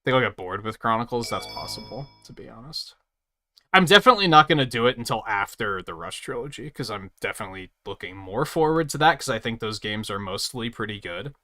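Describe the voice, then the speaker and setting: A man's voice: fairly low pitch, animated, brisk, pushed and bright. A young man giving casual gaming commentary on a stream, opinionated and swearing freely as he rants. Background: game music.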